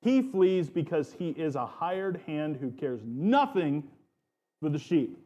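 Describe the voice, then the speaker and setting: A man's voice: on the high side, big pitch swings, takes it slowly, warm tone, highs cut off. A man preaching a sermon as pastor of his church, earnest and emphatic, stretching out key phrases.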